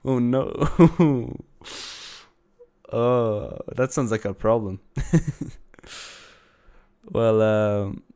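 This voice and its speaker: A man's voice: on the low side, very slow, long pauses, dark tone, clear, resonant tone. A man with a slight cold, chatting casually as a streamer reacting to videos, rambling with lots of restarts and laughs. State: a bit congested from a cold. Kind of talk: casual live-stream commentary.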